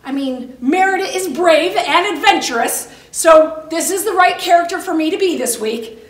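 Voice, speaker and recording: High, lively woman talking to herself. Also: normal speed, distant mic, a little hiss or hum. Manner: chatty, thinks out loud. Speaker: art teacher. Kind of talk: acted skit talking to herself. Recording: roomy echo, voice off the mic.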